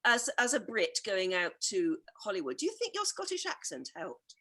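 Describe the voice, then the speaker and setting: An eager woman co-hosts a relaxed interview. She asks her guest questions and reads out viewer messages, and her pitch sits in the middle for a woman. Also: normal speed. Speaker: co-host. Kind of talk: casual chat show interview.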